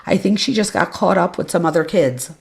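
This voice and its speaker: Woman podcast host, fry in the voice, reads records with offhand, blunt commentary. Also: fairly low pitch, lively intonation, fairly quick. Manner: casual and blunt, with offhand asides and swearing. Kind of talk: reading case records aloud with commentary.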